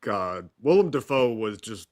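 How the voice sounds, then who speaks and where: Soft-spoken man chatting casually. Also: lowish voice, big pitch swings, unhurried. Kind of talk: casual chat.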